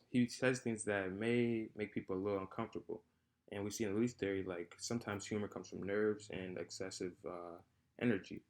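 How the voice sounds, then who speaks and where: A young man with a fairly low voice talks through a class presentation off the cuff. He hesitates often, fills gaps with "um" and "uh," and restarts phrases as he goes. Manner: unscripted, hesitant, with frequent fillers and repeated phrases. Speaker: student presenter. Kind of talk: spoken class presentation on comedy.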